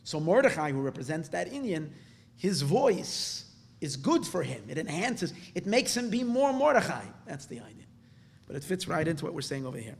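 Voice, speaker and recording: A rabbi with a slightly high, gravelly voice teaches a Torah class to a live audience at a moderate pace. He's animated and excitable, often repeating words and restarting, and he weaves Hebrew terms into his teaching.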